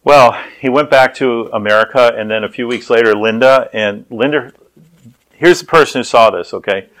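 A man's voice: mid-range voice, moderate pace, a bit bright. Man preaching through a story. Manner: conversational, repeats and restarts words. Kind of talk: sermon with storytelling.

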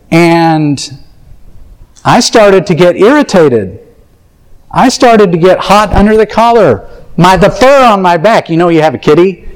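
A man's voice: high voice, low-quality recording. A man preaching a sermon, telling a personal story in an earnest, confessional way and acting out his own thoughts.

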